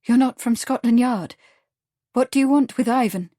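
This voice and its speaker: A woman reading the lines of a frightened, earnest young woman, hushed and pleading, in an audiobook. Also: fairly high pitch, normal speed, dry recording, clean studio sound, voice pushed up, lightly acted.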